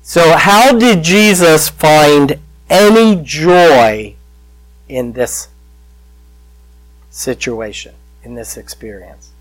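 Slow, emotional male preacher. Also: a little high, lively intonation, dry recording, poor audio. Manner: slow, emotional preaching with dramatic pauses and dropping to near-whispers. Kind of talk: sermon.

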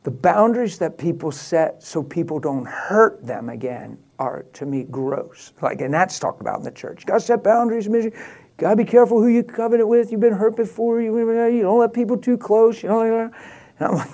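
A man's voice: high-pitched, fairly quick, warm tone. An older man, a pastor, telling stories in an emphatic, candid and emotional way. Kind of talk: casual storytelling talk.

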